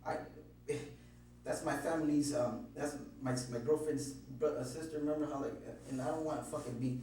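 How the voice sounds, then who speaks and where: A man's voice: medium pitch, fairly even intonation, normal speed, dark tone. A man being questioned, nervously rambling through his account with lots of swearing and restarts. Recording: very echoey room, distant mic, faint hum.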